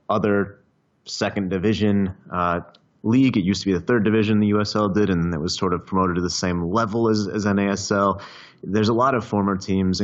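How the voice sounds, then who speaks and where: A man, explaining football matters in a measured way as a pundit on a radio phone-in. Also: deep voice, muffled recording.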